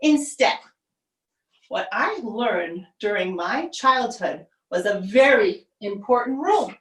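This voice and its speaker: Woman solo performer, slow wry monologue, roomy stage sound from afar. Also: mid-range voice, expressive, fairly bright tone, far from the mic. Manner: measured, wry, pausing for effect. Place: theater stage.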